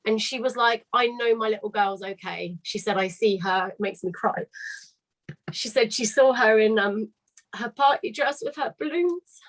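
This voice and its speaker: A woman's voice: mid-range voice, normal speed, fairly bright tone, low-quality recording. Chatty woman choir leader. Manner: chatty, candid, swears casually. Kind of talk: casual storytelling on a live call. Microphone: video call.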